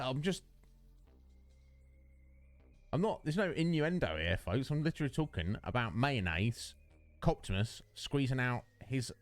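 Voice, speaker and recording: A man chatting with viewers while streaming a game, rambling and joking, answering chat by name. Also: medium pitch. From United Kingdom. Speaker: Twitch streamer. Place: home streaming setup. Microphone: studio dynamic microphone.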